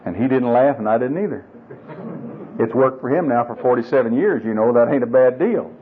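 A man's voice: medium pitch, animated, a little fast, a little hiss or hum. An older man preaching a sermon to married men, folksy and humorous, coaxing his listeners along. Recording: tinny lo-fi phone-like sound.

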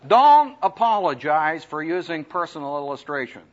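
Animated high-voiced man preaching. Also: moderate pace. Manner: animated, humorous, acts out quoted voices loudly. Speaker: preacher teaching speaking skills. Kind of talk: lively sermon-style talk to students. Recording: dull lo-fi recording.

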